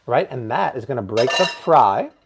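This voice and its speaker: A man's voice: medium pitch, sing-song, moderate pace, gravelly, background noise. A man hosting a live cooking show from his kitchen, chatty and playful as he talks through each step and jokes with viewers. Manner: chatty and playful, joking with the chat. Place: home kitchen.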